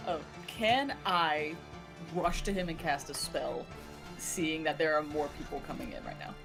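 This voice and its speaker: A woman's voice: deep voice, a little slow, gravelly, over music. A woman playing a tabletop game, eagerly describing her character's actions. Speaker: player.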